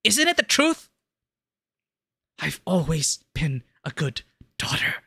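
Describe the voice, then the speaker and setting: A streamer reading a hurt young daughter, pleading and bright. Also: medium pitch, huge pitch swings, slow, gravelly, slightly rough, no room sound, full character voice. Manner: pleading, defensive.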